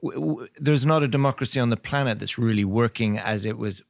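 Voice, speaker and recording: A man's voice: medium pitch, fairly quick, gravelly, no echo, studio quality. A man hosting an interview, talking casually and often affirming his guest with short replies. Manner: casual, frequent affirming backchannel. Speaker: show host. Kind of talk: conversational interview.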